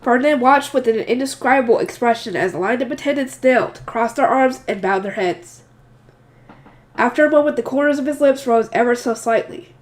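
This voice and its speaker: Woman, slightly nasal, higher pitch, casual novel reader with chatty asides. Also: brisk. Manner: chatty asides, emotional, some stumbles. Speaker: audiobook reader.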